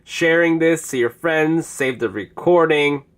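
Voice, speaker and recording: A man's voice: a little high, unhurried. A man casually reviewing phone apps, chatty as he demonstrates each one on screen. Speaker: app reviewer. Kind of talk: casual app review narration.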